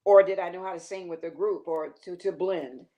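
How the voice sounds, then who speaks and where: An older woman, a guest singer, telling a lively story on a talk show and acting out the quotes with laughter. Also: lowish voice, fairly quick.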